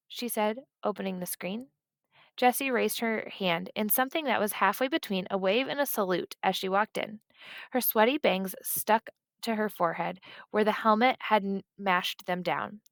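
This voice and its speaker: A woman narrating a children's book in a steady, expressive storytelling manner, close to the mic. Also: mid-range voice, normal speed, no room sound. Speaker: audiobook reader.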